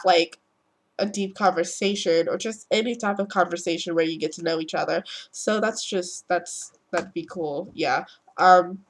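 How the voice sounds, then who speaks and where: Teen girl vlogger with a cold, rambling, swearing, acting out inner thoughts, casual advice. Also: medium pitch. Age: teens. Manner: rambling, swears freely, acts out quoted thoughts. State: sick, voice affected by a cold.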